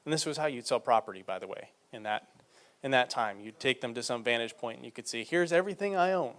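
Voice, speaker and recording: Male preacher, conversational sermon delivery, stretches words for emphasis, mid-range pitch. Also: quick pace, a bit bright. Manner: reads scripture aloud and explains it conversationally.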